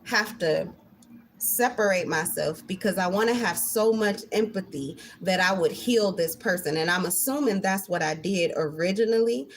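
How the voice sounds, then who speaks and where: A woman's voice: medium pitch, a little hiss or hum. A woman giving a spiritual card reading in a casual monologue, emphatic and heavily profane. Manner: emphatic and heavily profane, swinging between intense and laughing.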